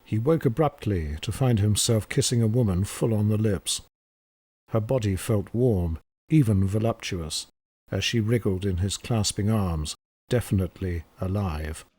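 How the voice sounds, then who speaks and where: A man narrating a horror story in a measured, grave manner. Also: on the low side, mellow, slightly rough, no room sound. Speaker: audiobook narrator. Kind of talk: scripted narration.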